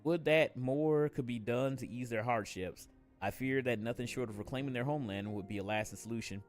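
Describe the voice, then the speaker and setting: A composed male video game character voiced by a man reading aloud gives a solemn briefing in formal, measured phrasing. The voice sits at an ordinary middle pitch, with faint game music behind it. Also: close to an everyday voice.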